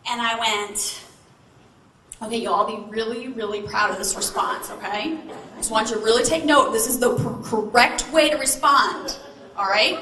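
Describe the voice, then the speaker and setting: Bright, theatrical woman speaker. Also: fairly high pitch, moderate pace, a little hiss or hum. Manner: animated, theatrical, playful asides to the audience. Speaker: motivational keynote speaker. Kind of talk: storytelling keynote speech. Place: large hall with audience. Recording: echoey hall, faint ambience.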